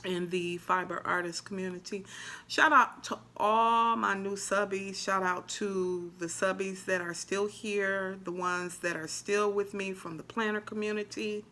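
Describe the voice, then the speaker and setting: A woman chatting casually on her crochet vlog, with a bright, forward tone. She talks in a lively, animated way and keeps giving shout-outs to other creators. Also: mid-range voice, measured pace. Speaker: crochet vlogger. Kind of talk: casual chat.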